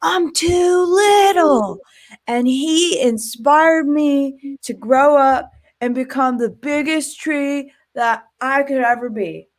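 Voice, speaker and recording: A woman playing a slow, earnest tree. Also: sits high. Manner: slow, earnest, emotional storytelling. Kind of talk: improv comedy.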